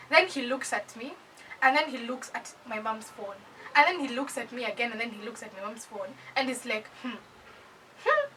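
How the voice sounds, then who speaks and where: A young woman from Kenya with a Kenyan accent, telling a personal story in an animated, casual storytime voice that mixes English with Swahili slang. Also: fairly high pitch, distant mic, a little hiss or hum, rough recording.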